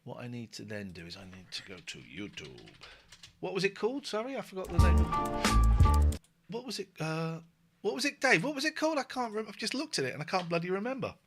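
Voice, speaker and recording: A man's voice: sits high, big pitch swings, fast talker, soft background music. A man hosting a casual chat show, joking and talking bluntly with plenty of swearing. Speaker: host.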